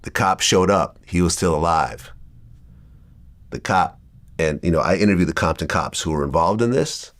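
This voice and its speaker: A man hosting an interview, telling a story in a casual, animated way that builds to a punchline. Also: low voice, normal speed. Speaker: interviewer, host.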